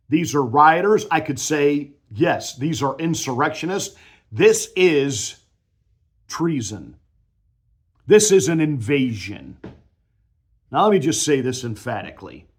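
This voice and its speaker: Man, pastor, political commentary, combative, emphatic, slightly high voice. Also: expressive, slow pace, husky.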